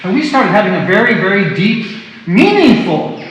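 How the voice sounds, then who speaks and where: A man presenting a workshop, telling a personal story in a halting, reflective way with many restarts. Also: high voice, very animated, a bit bright. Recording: echoey hall, voice from a distance.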